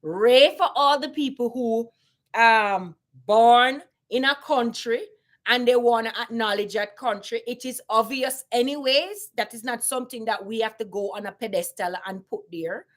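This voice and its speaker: A woman's voice: on the high side, moderate pace. A woman with a Jamaican accent talking casually on a live stream, emphatic, repeating points and asking rhetorical questions.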